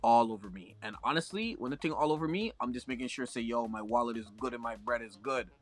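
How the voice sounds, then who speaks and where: A man's voice: medium pitch, lively intonation, quick pace, faint music behind. A young Canadian man telling a long story in a casual chat, profane and full of slang.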